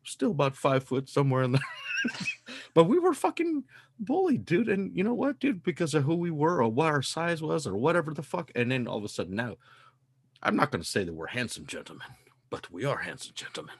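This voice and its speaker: A man's voice: fairly high pitch, sing-song, a little fast, husky, dry recording. A man in his thirties hosting a casual podcast, ranting with heavy profanity and mounting fire. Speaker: podcast host.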